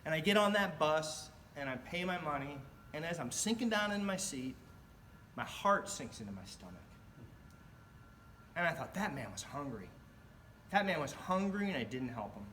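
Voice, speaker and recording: A middle-aged man telling a personal story in a club speech, animated and acting out the voices of the people in it. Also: a little high, normal speed, a little hiss or hum. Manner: animated, acts out quoted voices. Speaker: club speaker.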